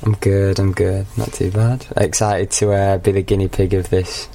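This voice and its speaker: A man's voice: sits low, little pitch movement, normal speed, gravelly, mellow. A man in his twenties with a Mancunian accent, a podcast guest chatting casually and joking at his own expense. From Manchester, England. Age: 20s. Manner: joking, self-mocking, laughs often. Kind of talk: casual chat.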